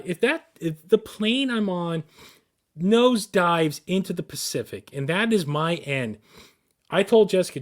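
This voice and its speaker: A man co-hosting a podcast, telling a long story with excited, rambling energy and frequent restarts. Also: fairly high pitch. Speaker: podcast co-host.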